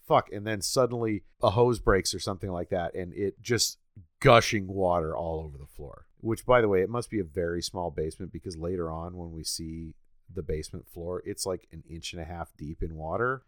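Man, podcast co-host, sarcastic movie chat, lowish voice, dry sound. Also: fairly quick, dry recording. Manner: sarcastic, mocking commentary. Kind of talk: casual movie recap chat.

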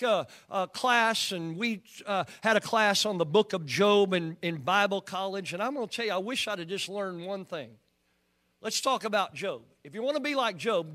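A man's voice: high-pitched, lively intonation, moderate pace, pushed and bright. A man with an Oklahoman accent preaching a sermon to a church congregation, in a folksy way, often asking the room questions. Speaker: pastor.

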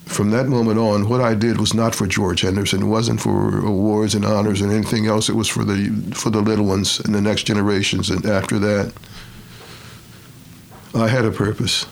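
An older man from Detroit, a retired professor, telling his life story in a measured, reflective way and acting out the quotes. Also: lowish voice, flat delivery, vocal fry. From Detroit, USA. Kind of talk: storytelling interview.

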